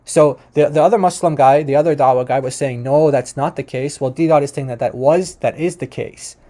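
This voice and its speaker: Mellow-voiced man in rambling commentary. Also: fairly high pitch, a little fast. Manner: rambling, full of restarts and "like", chuckling at claims. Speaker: commentator reacting to debate clips. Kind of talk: casual commentary over a screen share.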